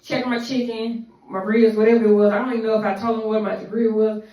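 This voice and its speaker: A woman's voice: on the high side, level tone, fast, muffled recording. A woman telling a rambling, profane personal story in a casual storytime monologue. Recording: echoey room, voice from a distance.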